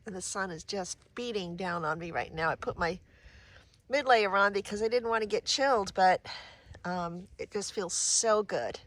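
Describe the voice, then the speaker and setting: A woman's voice: medium pitch, moderate pace, fairly bright tone, dry recording. A woman, vlogging casually and candidly from a mountain trail into a handheld camera, sometimes catching her breath. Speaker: hiking vlogger.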